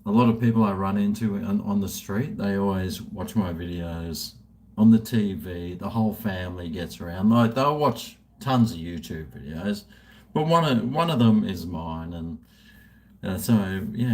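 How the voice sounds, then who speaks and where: This self-mocking livestream host, a man in his late fifties, chats in a casual, rambling way at home indoors, talking to himself while drinking. His voice is fairly low with a darkish tone.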